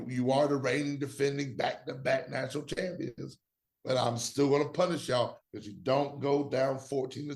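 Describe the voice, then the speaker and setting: A man's voice: mid-range voice, vocal fry. A man co-hosting a sports podcast, giving his own college football rankings in emphatic, slangy, trash-talking casual chat.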